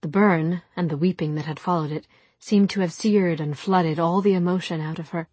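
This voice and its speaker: Woman narrating an audiobook, husky. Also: on the low side, fairly even intonation, normal speed, darkish tone, no room sound. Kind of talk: scripted narration.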